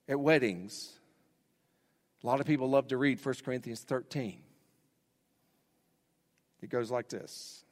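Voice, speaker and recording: Preaching at a moderate pace with frequent pauses, a male pastor uses repetition to build rising emphasis in his sermon. His voice is mid-range, and the recording has a long hall reverb.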